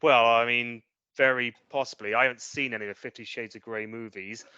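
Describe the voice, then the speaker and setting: A man's voice: medium pitch, steady tone, fairly quick, bright, forceful tone, clear, resonant tone, dry recording, muffled recording. A British man co-hosting a casual chat show, ranting in an opinionated way with British slang. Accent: British English. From Britain. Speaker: podcast co-host.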